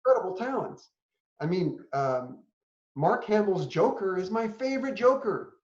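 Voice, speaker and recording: A man's voice: high-pitched, lively intonation, normal speed, a little mellow. Opinionated man in an echoey room. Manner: opinionated, self-deprecating critic. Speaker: podcast co-host. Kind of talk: casual chat. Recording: echoey room, dull lo-fi sound.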